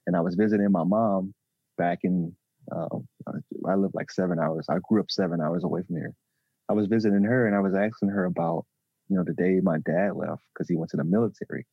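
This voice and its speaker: A man answers questions as a podcast guest, speaking haltingly with plenty of restarts. His voice sits very low, with a gravelly and husky edge. The recording is dry and a little dull. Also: dry recording. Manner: halting, with many restarts and fillers. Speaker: relationship and mindset coach. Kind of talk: podcast interview.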